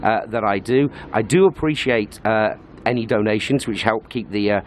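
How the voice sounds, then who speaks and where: A man's voice: on the low side, moderate pace, slight background noise. Chatty British man vlogging. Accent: British English. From Britain. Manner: chatty, explanatory, with frequent "uh" fillers. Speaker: travel vlogger. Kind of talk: casual vlog talk to camera. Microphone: handheld compact camera.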